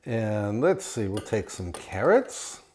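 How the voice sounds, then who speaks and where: A man's voice: lowish voice, very animated, takes it slowly, a little mellow, slight background noise. A man hosting his own cooking channel, chatting enthusiastically in his home kitchen while he cooks and tastes. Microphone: camera mic, moved at times.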